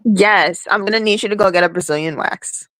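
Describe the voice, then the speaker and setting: A woman trading casual banter as co-host, needling her partner with wry, probing questions. Her voice sits at a middle pitch. The recording is dry and close, with no room sound around it. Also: fairly quick, fairly bright tone, dry recording. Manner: teasing, wry, prodding questions. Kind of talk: casual chat.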